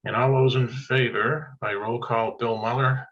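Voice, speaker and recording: A man chairing a remote board meeting, thinking aloud in halting, restarting phrases. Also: mid-range voice, fairly even intonation. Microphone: video call. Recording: dull lo-fi remote meeting audio.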